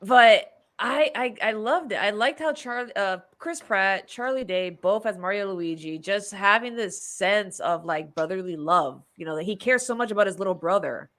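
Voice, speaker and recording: A chatty woman hosts a casual podcast, rambling through her thoughts on a film with frequent laughs. Her voice is bright and clear, sitting at an everyday middle pitch. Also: normal speed, few pauses. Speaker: podcast host. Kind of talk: casual movie review chat.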